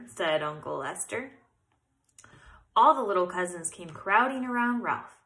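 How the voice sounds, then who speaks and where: Expressive woman reading a storybook aloud. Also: lowish voice, unhurried, low-quality recording. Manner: expressive, occasional self-corrections. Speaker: narrator.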